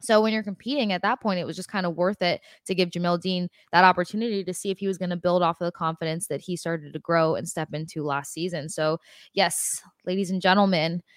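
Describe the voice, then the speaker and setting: A woman co-hosting a sports podcast, talking to fans in a lively, emphatic way. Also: on the low side, fast, dry recording, clean studio sound. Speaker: podcast co-host. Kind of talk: casual sports chat.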